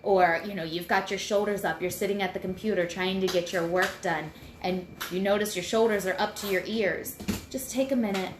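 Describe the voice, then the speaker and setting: A woman's voice: mid-range voice, steady tone, brisk. A woman in her thirties talking casually on a live home video, chatty and rambling as she shares tips. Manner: chatty and rambling, self-deprecating. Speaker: host sharing mindfulness tips. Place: room at home. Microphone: computer mic. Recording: roomy echo, faint room noise.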